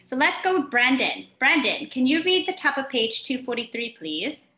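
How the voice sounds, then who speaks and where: A woman teacher leading an online English class, sounding out vowel sounds slowly and patiently. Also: high voice, big pitch swings, bright, forceful tone, echoey room. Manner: slow, drawn-out sounding out of vowels.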